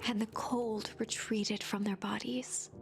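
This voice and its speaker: A woman narrating a storybook game in a soft, hushed, often whispered delivery, with game music behind her. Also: fairly high pitch, flat delivery, takes it slowly, gravelly.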